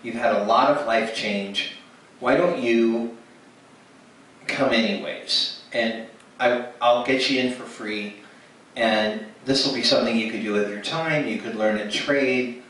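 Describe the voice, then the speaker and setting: Speaking unhurriedly in a steady, slightly bright medium-pitched voice, a man gives a testimony sermon at a ministry gathering. His storytelling is full of restarts and acted-out dialogue, captured from far off in an echoey church hall with faint background noise.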